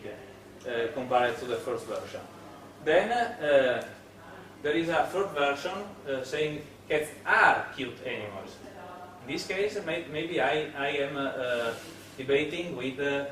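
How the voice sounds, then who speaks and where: Man, lecturer, halting with lots of fillers, roomy hall sound, noisy distant mic. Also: medium pitch. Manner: hesitant, many fillers and restarts. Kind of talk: classroom lecture on web development. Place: lecture room.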